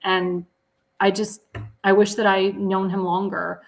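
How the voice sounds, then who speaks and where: Woman talk show host; enthusiastic, promotional, repetitive donation pitches, self-correcting. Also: level tone, unhurried, gravelly, poor audio. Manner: corrects herself mid-sentence. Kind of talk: live political talk show.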